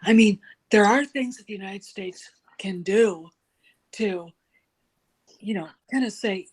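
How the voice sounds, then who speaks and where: A woman's voice: mid-range voice, unhurried, breathy edge, rough recording. A woman talking emphatically and outspokenly as a guest in a casual political chat. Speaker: podcast guest.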